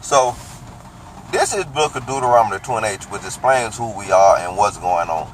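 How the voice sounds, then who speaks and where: A man casually teaching from the Bible, breaking down the meaning of words and rereading verses slowly. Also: on the low side, animated, slight background noise, rough recording.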